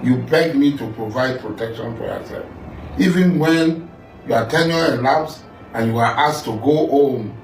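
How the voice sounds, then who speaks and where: A man's voice: medium pitch, unhurried. A middle-aged Nigerian man delivering a confrontational statement, accusing and repeating himself as he talks straight at the listener. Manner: accusing, repetitive, addresses the listener directly. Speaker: political figure making a statement. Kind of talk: confrontational monologue. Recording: echoey room, voice far from mic, faint music.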